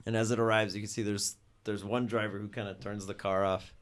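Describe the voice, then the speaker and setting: A man narrating as game master of a tabletop game, playful and quick to laugh. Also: fairly low pitch, little pitch movement, clear, resonant tone. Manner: playful, laughs often, acts out characters.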